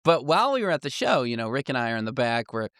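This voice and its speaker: A man co-hosting a podcast, telling a story in casual chat with a loud voice and frequent laughter. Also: mid-range voice, big pitch swings, quick pace, no room sound, studio quality. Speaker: podcast co-host.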